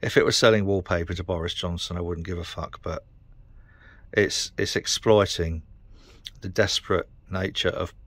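A man's voice: low voice, steady tone, normal speed, a bit bright, dry recording. A middle-aged man with a British accent, ranting to camera in a frustrated, sweary, rambling way. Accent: British English. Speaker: vlogger. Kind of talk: casual rant to camera.

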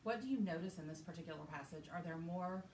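A woman teacher walks a small group through a reading lesson, encouraging and asking questions. Her voice sits at a middle pitch and comes from a distance. The classroom adds a roomy echo with faint background noise. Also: fast, a little mellow. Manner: encouraging, patient, asks questions. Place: school classroom. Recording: echoey classroom from far off.

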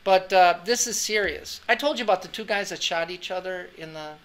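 A middle-aged anatomy and physiology teacher tells his class a story in a chatty, anecdotal way, often tossing in "right?" asides. His voice is high, fairly bright and fairly quick, heard in a classroom with students.

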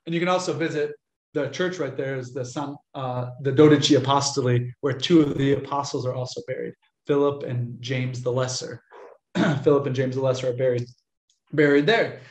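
A young American man, a Catholic priest, telling stories to an audience in a chatty, animated way and acting out the voices of people he quotes. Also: mid-range voice, moderate pace. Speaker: Catholic priest giving a talk. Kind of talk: casual storytelling lecture. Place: room with an audience. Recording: echoey lecture room.

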